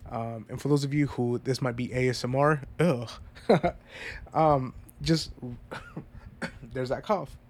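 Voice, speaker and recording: A man's voice: mid-range voice, takes it slowly, pauses often, a little mellow. A congested man talking earnestly and reflectively in a personal vlog, rambling and heartfelt. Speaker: vlogger.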